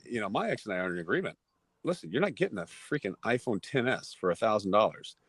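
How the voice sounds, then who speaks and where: Texas-raised man, 40s, low voice, dry close sound; podcast guest spinning lively stories. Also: fast talker, slightly rough, no room sound. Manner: lively anecdotes, acts out voices. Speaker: podcast guest, former ballplayer. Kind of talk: casual storytelling.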